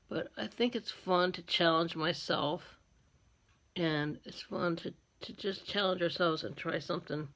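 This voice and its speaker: A woman hosting a live makeup tutorial, chatty and self-deprecating as she explains each step. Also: fairly low pitch.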